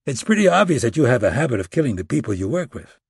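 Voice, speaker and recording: A man narrating an audiobook, voicing a smug, injured American traitor who speaks in a calm, amused and condescending way. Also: mid-range voice, quick pace, slightly rough, no echo, studio quality, full character voice.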